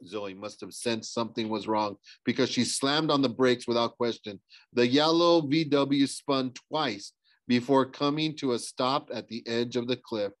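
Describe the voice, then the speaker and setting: A man's voice: medium pitch, a little slow, no echo. A man reading a novel aloud in first person, hesitant and often restarting his sentences. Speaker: audiobook reader.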